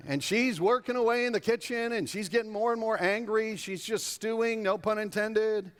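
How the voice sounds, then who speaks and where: Pastor man preaching casually with jokes, fairly high voice, long hall reverb. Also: normal speed, few pauses. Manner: conversational and humorous, jumps up in pitch for emphasis. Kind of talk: sermon. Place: church sanctuary. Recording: echoey church hall.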